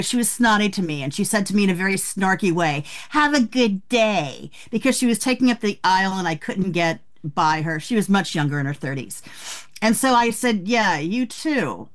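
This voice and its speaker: A woman in her sixties, an author being interviewed, telling frank, animated stories about aging. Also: medium pitch. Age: 60s. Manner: frank, animated storytelling with laughs. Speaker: author guest. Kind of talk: candid interview talk.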